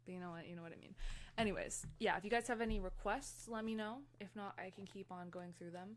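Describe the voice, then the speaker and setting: A young woman chatting casually and excitably with viewers on a live stream from her room, rambling from one story to the next. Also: medium pitch, fast. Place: her room, fan running.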